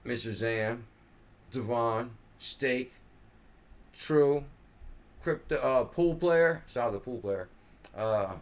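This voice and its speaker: A man hosts a casual live stream and talks loosely off the cuff. He rambles, trails off mid-thought and doubles back to correct himself. His voice sits at an ordinary middle pitch. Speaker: crypto live stream host.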